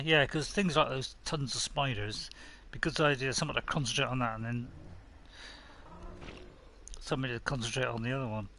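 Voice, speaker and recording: A chatty man with a bright, forceful voice pitched a little high. He gives casual live commentary on a game as he plays, talking to himself and reading viewers' messages aloud. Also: a little hiss or hum. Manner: chatty, talks to himself and reads chat aloud. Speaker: game streamer.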